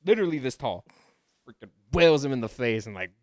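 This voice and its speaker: Excitable man chatting on a podcast. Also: brisk, no room sound, clean studio sound. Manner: excitable, jumps to high animated bursts. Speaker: podcast co-host. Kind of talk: casual chat about anime and manga.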